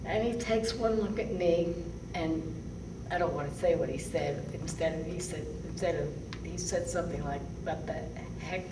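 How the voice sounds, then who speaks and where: A woman's voice: on the low side, normal speed. Older woman telling war-era stories. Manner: chatty, laughs often, softens for sad memories. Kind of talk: oral history storytelling. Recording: echoey room, distant mic, clear background noise.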